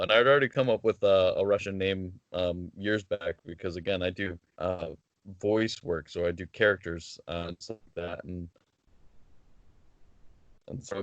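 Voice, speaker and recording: A man's voice: deep voice, fairly even intonation, moderate pace, no echo, dull audio. A man talking casually as a guest over a video call, hesitant with many restarts. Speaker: wrestler guest. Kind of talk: casual interview chat.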